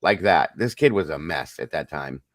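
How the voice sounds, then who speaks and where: A man's voice: extremely low pitch, expressive, moderate pace, fairly bright tone, dry recording. A middle-aged man hosting a casual livestream chat, telling a personal story earnestly and talking straight to his viewers. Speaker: host.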